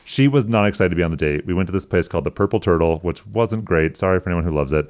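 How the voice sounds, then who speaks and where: A man's voice: low voice, animated, rapid-fire, darkish tone. A man in his twenties in a casual chat, telling rambling, self-deprecating stories full of "like.". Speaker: guest sharing stories.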